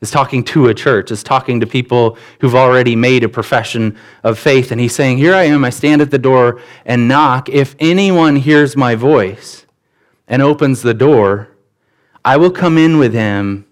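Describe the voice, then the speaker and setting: A man's voice: medium pitch, moderate pace. A man preaching a sermon as pastor, earnest and conversational, often repeating his phrases as he builds a point.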